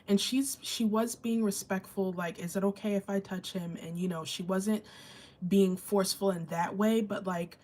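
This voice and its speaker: Breathy-voiced woman telling a personal story. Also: medium pitch, steady tone, moderate pace, a little mellow. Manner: earnest, candid, conversational with many fillers. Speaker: vlogger and mother of an autistic child. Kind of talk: emotional personal storytelling to camera.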